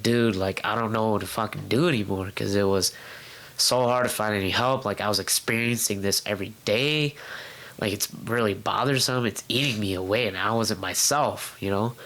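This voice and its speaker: A young man telling his own story in a casual interview at home, halting and candid, with many fillers and restarts. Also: lowish voice, sharp tone, poor audio. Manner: acts out his past self in quoted outbursts. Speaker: guest. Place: home room.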